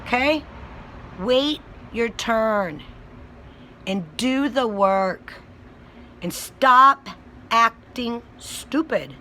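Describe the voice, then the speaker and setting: Blunt, profane woman ranting slowly. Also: on the high side, expressive, bright, forceful tone, a little hiss or hum, low-quality recording. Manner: angry. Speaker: self-described child advocate vlogger. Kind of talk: ranting video commentary.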